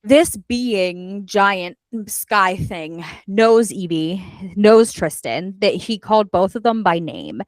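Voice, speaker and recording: A woman hosts a casual book club chat, recapping the plot in an animated way and slipping into the voices of the characters. Her voice sits at a middle pitch. The recording is dry and close, with no room echo. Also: takes it slowly, few pauses. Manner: animated storyteller, acts out character lines; chatty with many fillers. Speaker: book club podcast host.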